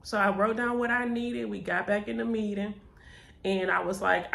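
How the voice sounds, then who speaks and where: At her cousin's house, a young adult vlogger tells her story with candor and expression, her mid-range voice carrying vocal fry at a normal speed. The room echoes, and she animatedly uses words like "baby" and "child."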